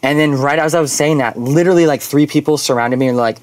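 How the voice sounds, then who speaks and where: Animated man telling a story, lots of fillers. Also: on the high side, fast talker, few pauses. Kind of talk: casual storytelling.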